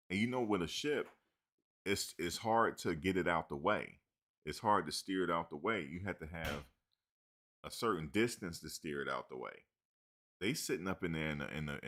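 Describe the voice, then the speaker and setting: A man's voice: low voice, pushed and bright. A man hosting a sports talk show, rambling casually with slang and joking asides.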